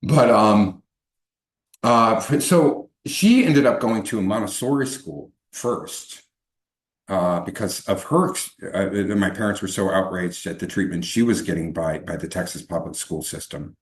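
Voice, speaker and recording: A man's voice: sits low, unhurried. A middle-aged man telling his own life story as an interview guest, rambling with many restarts and fillers. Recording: echoey room.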